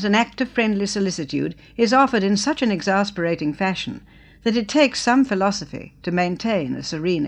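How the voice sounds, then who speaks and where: Woman narrating a memoir, lively low voice. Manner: measured, expressive storytelling. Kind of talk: audiobook memoir reading.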